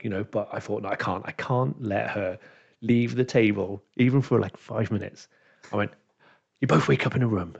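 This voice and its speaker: Lowish and husky with some vocal fry, he talks at a moderate pace. A podcast co-host who runs games as dungeon master, he casually recounts a session and acts out his players' words with animation, captured on dull lo-fi audio.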